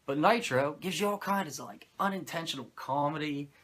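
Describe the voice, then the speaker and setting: A man hosting a podcast, recapping a show in animated, profane, sarcastic casual chat. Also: on the high side, fairly quick. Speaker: podcast host recapping wrestling.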